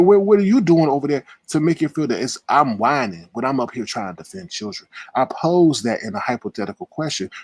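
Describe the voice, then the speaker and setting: A man in a heated livestream rant, confrontational and indignant, swinging between loud outbursts and low muttering, with a husky voice. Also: no room sound. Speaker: live-stream commentator. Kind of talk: heated live-stream rant.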